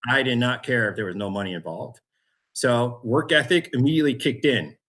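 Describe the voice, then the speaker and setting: Male guest; animated storyteller who does voices of people in his story. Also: mid-range voice, a little fast. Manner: animated storyteller, acts out voices, laughs often. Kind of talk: storytelling interview.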